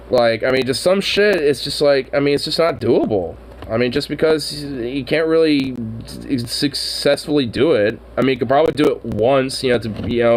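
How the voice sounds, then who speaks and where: A man's voice: medium pitch, slight background noise, low-quality recording. Laughing, rambling man in casual chat. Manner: laughs often, swears, rambling excited riffing.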